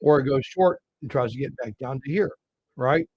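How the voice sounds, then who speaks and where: A man's voice: medium pitch, moderate pace, highs cut off. A man hosting a live trading show, casually talking viewers through chart levels. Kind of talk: live market commentary.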